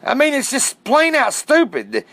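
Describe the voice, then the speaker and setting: A man's voice: extremely high pitch, huge pitch swings, a little slow, a bit bright, no room sound. A man hosting his own podcast, ranting indignantly in a casual monologue and cursing as he goes. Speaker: podcast host.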